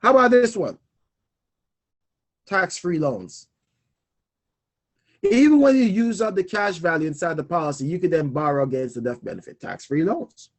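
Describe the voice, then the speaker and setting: A man's voice: sits high, fast, hardly any pauses. A young man hosting a personal finance talk show, speaking animatedly and emphatically, laughing often and repeating key points. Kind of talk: casual solo talk on money.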